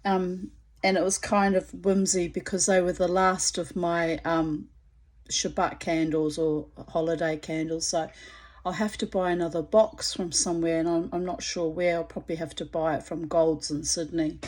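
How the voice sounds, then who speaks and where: A woman's voice: lowish voice, little pitch movement, normal speed, darkish tone. A middle-aged woman talking casually to her phone camera at home, chatty and theatrical, rambling with fillers and playful asides. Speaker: vlogger. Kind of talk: casual spoken vlog.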